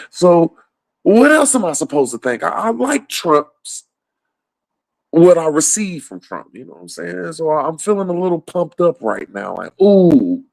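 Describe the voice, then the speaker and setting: Guy going off about politics, cussing nonstop, lots of laughing, kinda high voice, dead dry sound. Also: sing-song, a little slow, gravelly, a little mellow, no room sound. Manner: profane, rambling, laughs often. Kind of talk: casual political rant.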